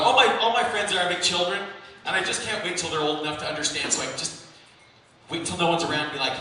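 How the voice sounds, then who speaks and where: Young man, stand-up comic, self-mocking and profane, high lively voice, distant mic in a very echoey room. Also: brisk, a little hiss or hum. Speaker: stand-up comedian. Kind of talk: stand-up set. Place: small comedy venue.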